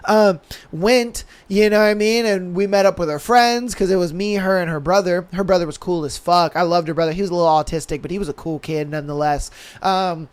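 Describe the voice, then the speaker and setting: Young male podcast host, fairly high voice, slangy and animated, acts out the quotes. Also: normal speed, clean tone. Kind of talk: casual storytelling chat.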